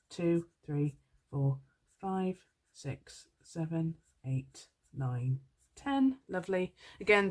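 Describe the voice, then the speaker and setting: Woman, casual vlog chat, bubbly, apologetic, rambling with fillers. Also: lowish voice. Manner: chatty, bubbly, apologetic, lots of ums. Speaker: budgeting vlogger.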